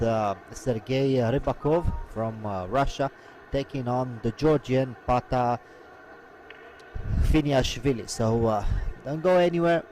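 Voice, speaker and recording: Man, live fight commentary, halting with many fillers, average pitch, light background noise. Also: a little mellow, poor audio. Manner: frequent "uh" fillers, halting delivery. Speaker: sports commentator.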